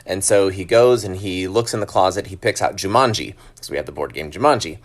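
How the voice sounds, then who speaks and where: A man's voice: low-pitched, brisk. A father telling a casual storytime about his son, easygoing and conversational. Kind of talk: casual storytime to phone camera.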